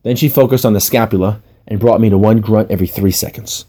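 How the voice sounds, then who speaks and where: A man's voice: fairly low pitch, quick pace, dark tone. A man narrating a comic personal story in a wry, self-mocking way.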